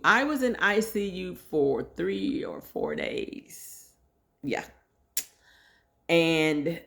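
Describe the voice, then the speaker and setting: A middle-aged woman with a lowish voice vlogs a personal story in a casual, lively way, acting out the voices of the people she quotes.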